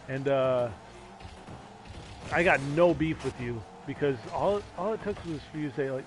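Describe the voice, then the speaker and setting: A man on a casual gaming stream, rambling and sarcastic, now and then yelling at his teammates. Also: a little high, normal speed, faint music behind.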